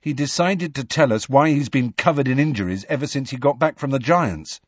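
A man's voice: medium pitch, lively intonation, fairly quick, dry recording, highs cut off, pitched above the performer's own voice, natural voice. A man reading an audiobook voices a guarded teenage boy who speaks tersely and grimly. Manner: terse, grim.

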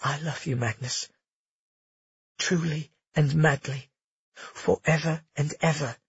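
An emotional young woman pours out her feelings, as a male narrator raises his voice to play her. The tone is breathy and husky, earnest and pleading. It sits dry and a little dull in the recording. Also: unhurried, dry recording, heavily acted. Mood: breathless. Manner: pleading, earnest, raised pitch for a female part. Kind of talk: audiobook character voicing.

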